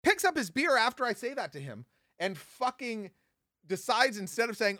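Man, podcast host, lively swooping pitch, bright forceful tone, dry close sound. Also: moderate pace, dry recording. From Southern California. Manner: animated, profane, with big pitch jumps. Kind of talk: casual storytelling.

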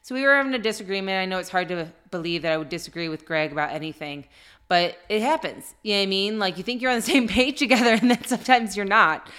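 A woman's voice: mid-range voice, quick pace, a bit bright. A middle-aged woman in casual podcast chat, telling heartfelt family stories in an earnest way. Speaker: podcast co-host.

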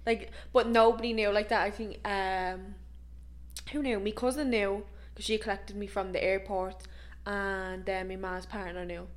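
A young Irish woman co-hosting a podcast, chatting casually with quick reactions and the odd swear. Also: medium pitch, steady tone. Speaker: podcast co-host. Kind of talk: casual chat.

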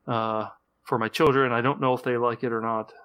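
A man in his thirties co-hosting a podcast, talking in a loose, rambling way. His voice is bright and forward, at an ordinary pitch. The sound is dry and close. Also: steady tone, brisk, clean tone, no room sound. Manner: chatty, rambling with restarts and fillers. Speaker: podcast co-host. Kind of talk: casual chat.

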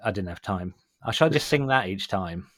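A man's voice: sits low, moderate pace, no room sound. Sweary British man hosting a podcast. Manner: jokey, sweary, deadpan disclaimers. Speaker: podcast host. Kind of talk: casual chat.

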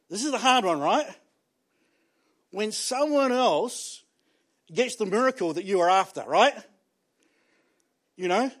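A man preaching a sermon as pastor, animated and conversational, acting out the inner voices of people in the story. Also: sits high, a little slow, long pauses.

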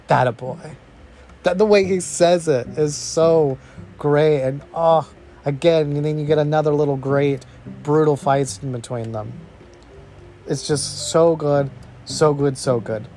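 A man hosting a podcast, giving a casual, excited movie review, rambling with lots of "bro" and "you know". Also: a little high, measured pace, faint music behind. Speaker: podcast host reviewing a film.

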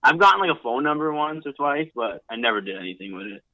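A man's voice: a little high, animated, quick pace, dry recording, phone-quality sound. A young man in his twenties, a wrestler guesting on a podcast, rambling casually with lots of fillers. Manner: loose, rambling, heavy on fillers.

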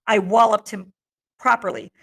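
A woman's voice: mid-range voice, fairly even intonation, moderate pace, husky. A woman reading aloud the lines of an eager, boastful boy leader from a storybook.

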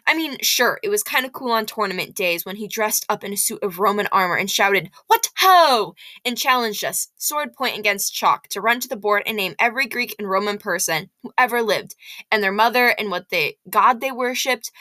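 A woman with a bright, forward, mid-range voice reads a first-person novel aloud, lively and expressive. The recording is dry and close, with no room echo.

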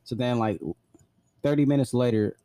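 A man's voice: mid-range voice, normal speed, dark tone, no echo, clean studio sound. A man casually telling a personal story, blunt and profane, full of "like" fillers.

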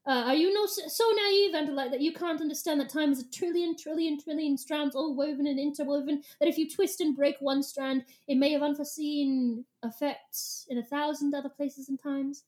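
A woman's voice: sits high, steady tone, normal speed, few pauses, a little mellow, natural voice. A woman voicing a snooty, aloof alien being with a put-on English accent, lecturing in a lofty tone.

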